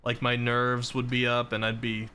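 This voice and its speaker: A man from the Boston area in relaxed, casual chat with his live chat while playing a game. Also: mid-range voice, normal speed, slight background noise. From Boston area, Massachusetts. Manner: relaxed, chatty, reads out chat messages. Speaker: streamer.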